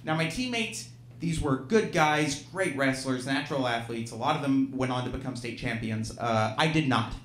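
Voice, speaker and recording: With a fairly bright, medium-pitched voice, an Alabama man speaks at normal speed with few pauses as he recounts a true story at a live storytelling show. He is self-deprecating and laughs through his lines. The audience is present, and the venue's roomy acoustics come through.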